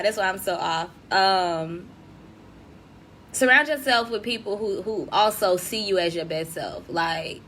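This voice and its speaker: A young woman hosts a casual livestream from a desk mic, her mid-range voice carrying slight background noise. Upbeat and slangy, she laughs often, reads viewers' comments, and talks to them directly.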